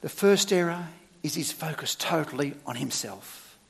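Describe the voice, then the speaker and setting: A middle-aged male minister delivering a sermon in a somewhat high voice. His pitch swings widely as he preaches, and he leans hard on key words with sudden loud stresses. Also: expressive, moderate pace, creaky, long reverb tail. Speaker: church minister.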